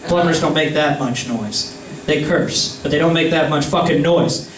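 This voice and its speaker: A young man, his voice a little high, swears his way through a rambling story for friends at normal speed, with a crowd audible behind him. He's indoors, captured on a distant mic with a roomy sound and faint ambience.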